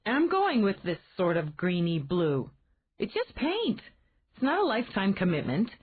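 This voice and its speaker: An outspoken young woman, as a woman reader plays her, talking in high, exclamatory, swooping bursts. The sound is thin and tinny, as if heard over a phone. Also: normal speed, breathy edge. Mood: animated. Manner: exclamatory, animated.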